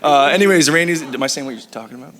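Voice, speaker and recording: A man's voice: mid-range voice, very fast, crowd noise, noisy background. A man casually introducing speakers, loose and playful.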